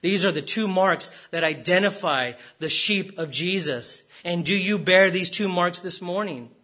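Man, pastor, sermon, bright forceful tone, fairly high voice, emphatic repetition. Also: unhurried. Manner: emphatic preaching with rhetorical questions and repetition.

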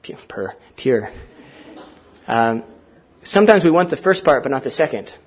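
Husky-voiced male pastor preaching conversationally. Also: mid-range voice, lively intonation, moderate pace. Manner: conversational, earnest, many fillers and asides to the congregation. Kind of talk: sermon.

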